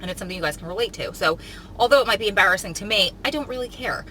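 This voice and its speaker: Bright, chatty woman vlogging. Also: mid-range voice, very fast, slight background noise, low-quality recording. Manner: chatty, rambling, many fillers; laughs easily, jokey. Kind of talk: casual vlog chat.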